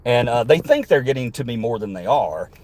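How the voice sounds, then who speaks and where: A man's voice: medium pitch, expressive, a little fast, a little mellow, a little hiss or hum. A middle-aged man livestreaming from his car on a phone, reading chat comments and answering them in a combative, sarcastic, foul-mouthed rant. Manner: combative and sarcastic, swearing often. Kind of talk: profane live-stream rant. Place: in a car while driving.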